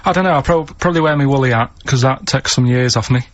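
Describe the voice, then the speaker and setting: Deadpan man rambling. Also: mid-range voice, fast talker. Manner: deadpan, meandering. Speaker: radio co-host. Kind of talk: rambling storytelling. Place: radio studio. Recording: dull lo-fi radio recording.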